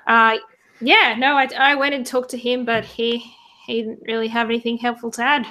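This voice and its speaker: A woman's voice: fairly high pitch, flat delivery, normal speed, bright, forceful tone, slight background noise. A woman running a tabletop game as game master, chatting hesitantly with plenty of fillers and voicing townsfolk.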